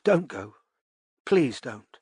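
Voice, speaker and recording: A man reading an audiobook, voicing a slightly drunk, wistful aristocratic young mother in a soft, slow, dreamy voice. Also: mid-range voice, very animated, breathy edge, dry recording, clean studio sound. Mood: pleading.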